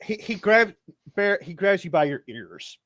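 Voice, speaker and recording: Slow, halting game master man. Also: high-pitched, very animated, fairly bright tone, no room sound. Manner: halting, laughing narration with many restarts. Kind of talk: narrating a tabletop game.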